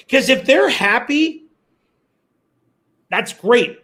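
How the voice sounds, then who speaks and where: High-voiced animated man telling stories. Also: slow, pauses often. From Canada. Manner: animated storyteller, acts out quotes. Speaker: guest, former radio host. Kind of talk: casual interview chat.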